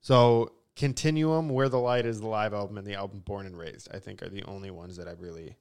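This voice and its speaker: A man's voice: lowish voice, steady tone, brisk, a little mellow, smooth. A man co-hosting a music podcast, chatting loosely with lots of fillers and swearing. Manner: rambling, swearing, many fillers. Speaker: podcast co-host. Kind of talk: casual chat.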